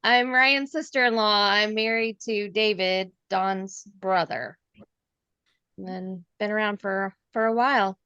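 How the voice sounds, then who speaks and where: A woman's voice: medium pitch, steady tone, a little slow, pushed and bright, smooth, no room sound, muffled recording. A woman introducing herself as a relative on a family podcast, shy and giggly. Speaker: guest relative. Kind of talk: casual chat.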